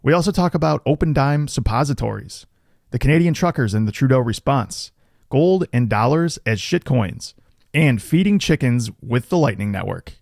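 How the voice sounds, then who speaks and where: A man's voice: medium pitch, animated, normal speed, creaky, darkish tone, no echo, clean studio sound. A man hosting a podcast in casual chat, joking banter. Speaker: podcast host.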